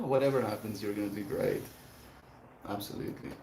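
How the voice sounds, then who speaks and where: A man's voice: lowish voice, moderate pace, a little hiss or hum. Man chatting on a livestream in an echoey room. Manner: relaxed, laid-back and affectionate. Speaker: livestream host. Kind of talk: casual chat reading viewer messages.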